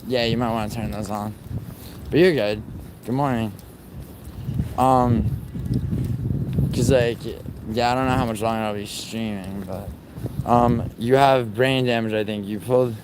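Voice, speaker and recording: A man's voice: medium pitch, fairly even intonation, measured pace, pauses often. Young New man ranting outdoors. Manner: profane, teasing banter with chat. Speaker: livestreamer. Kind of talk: casual livestream chat with viewers. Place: outdoors on a city street. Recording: faint street and traffic noise.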